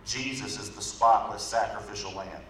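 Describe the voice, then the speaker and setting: A man with a lowish voice preaches to a congregation, easygoing and conversational. He's picked up from a distance in a reverberant sanctuary with a faint hiss behind him. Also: fairly even intonation, moderate pace, a bit bright. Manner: conversational, often asks "right?" of the congregation. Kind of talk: sermon with a storytelling illustration. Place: church sanctuary. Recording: echoey room from far off, faint background noise.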